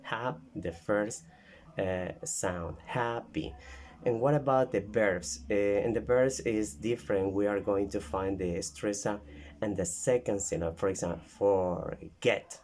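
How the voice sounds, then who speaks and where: A man, a teacher explaining how he teaches word stress, pausing often with fillers and restarting his sentences. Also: lowish voice, a little mellow. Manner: halting, with many fillers and restarts. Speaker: English teacher.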